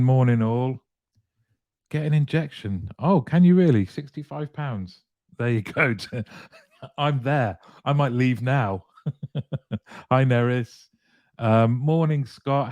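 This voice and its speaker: A man's voice: mid-range voice, a little mellow, clean tone, no echo, muffled recording. A man hosting a live online show, chatting casually with viewers, reading out their comments and laughing often. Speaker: livestream show host.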